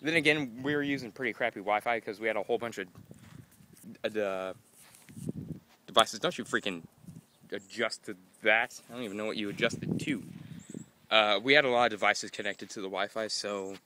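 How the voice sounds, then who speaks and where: A young man chats on a casual outdoor vlog, out of breath after a walk uphill, rambling and exasperated. His voice is bright and forward, and he acts out his own frustrated quotes. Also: on the low side, fairly quick, pauses often, a little hiss or hum. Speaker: vlogger.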